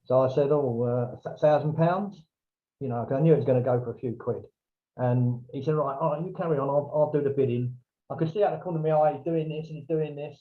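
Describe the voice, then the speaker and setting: A man tells a long casual anecdote as a podcast guest, bringing in other people's lines in lively, raised voices. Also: mid-range voice, fast. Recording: dull, lo-fi remote audio.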